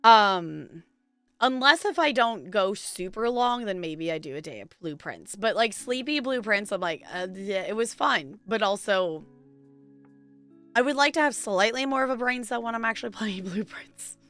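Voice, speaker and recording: Woman, streamer, casual chat, strained squeaky voice, bright tone, giggly rambling, soft music behind. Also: lively intonation, moderate pace, no room sound.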